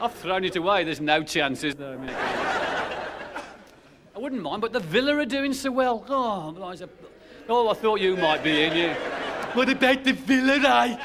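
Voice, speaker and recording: A high-voiced man works through a stand-up routine, his pitch bouncing all over as he tosses in wry asides and tag questions. He is captured on an old VHS stage tape buried under a loud hiss. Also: very animated, normal speed. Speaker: stand-up comedian.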